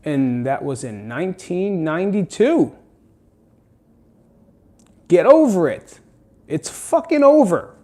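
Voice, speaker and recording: A man's voice: high-pitched, very animated, slow pace, pauses often, mellow. A man hosting a casual motivational monologue, rambling and candid, swearing freely and drifting into side remarks. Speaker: host.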